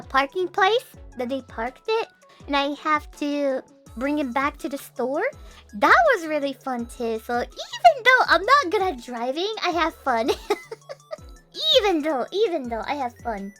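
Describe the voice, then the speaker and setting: A woman's voice: sits high, unhurried, faint music behind. A young woman, telling stories in casual chat, giggling often and acting out what people said. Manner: giggly and animated, acting out quotes. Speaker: streamer.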